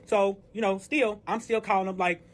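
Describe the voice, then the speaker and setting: A man's voice: sits high, steady tone, moderate pace, a bit bright. A man casually telling a heated personal story, swearing constantly and acting out both sides of arguments. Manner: profane, heated, reenacts arguments. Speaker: storyteller recounting a breakup.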